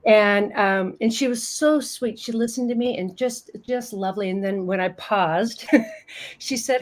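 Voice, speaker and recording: A woman's voice: mid-range voice, unhurried. A woman in her fifties, a program founder telling a heartfelt story in an interview and laughing often as she goes. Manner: warm, emotional storyteller who laughs often.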